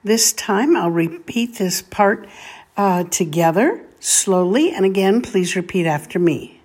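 A woman teaching scripture reading, saying each word slowly and patiently for listeners to repeat. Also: medium pitch, lively intonation, a little mellow, breathy edge. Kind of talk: slow call-and-repeat reading lesson.

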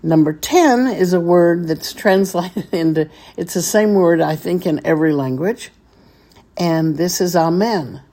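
A low, mellow-voiced woman leads a slow, patient vocabulary lesson. She spells out each word piece by piece and repeats it for the listener to say back. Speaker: Hebrew teacher.

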